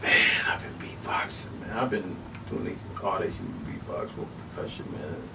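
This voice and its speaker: A middle-aged man telling stories as an interview guest, animated and casual, often saying "you know what I'm saying". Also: deep voice, normal speed, gravelly, in a whisper, far from the mic, poor audio. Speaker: human beatboxer, interview guest.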